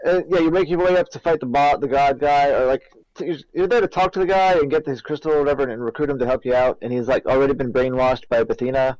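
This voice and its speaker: A man's voice: mid-range voice, quick pace, darkish tone, dry recording, poor audio. A man co-hosting a podcast, rambling through a game's plot in casual chat with lots of fillers. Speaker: podcast co-host. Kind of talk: casual game recap chat.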